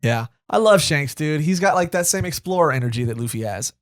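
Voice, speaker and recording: A man co-hosting a podcast, chatting casually and joking, retelling scenes with animated quotes. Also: fairly high pitch, fairly quick. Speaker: podcast co-host. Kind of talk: casual chat.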